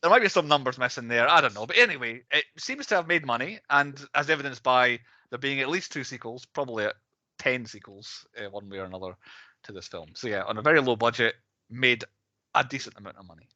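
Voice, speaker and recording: A man's voice: medium pitch, lively intonation, fast talker, pushed and bright, dry recording, highs cut off. A man in his late thirties co-hosting a casual film podcast, running through facts with hedging asides and chuckles. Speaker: podcast co-host presenting the film's cast.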